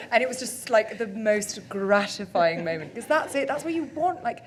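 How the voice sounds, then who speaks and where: A woman film director speaks in an on-stage interview at a cinema talk event, chatty and self-deprecating with plenty of fillers. Her voice is mid-range, with a slight hiss or hum in the recording.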